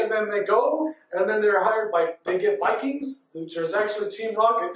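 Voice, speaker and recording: Brief: man, 30s, breathless run-on panel storyteller, distant mic in a boomy event room. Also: expressive, normal speed, hardly any pauses, a bit bright. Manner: breathless, run-on storytelling with frequent ands and laughs. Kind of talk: rambling comic recap. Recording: echoey hall from far off.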